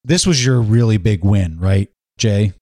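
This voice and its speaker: Low-voiced male podcast host. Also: unhurried, no room sound, clean studio sound. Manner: brief, relaxed interjections and questions. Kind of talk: casual interview.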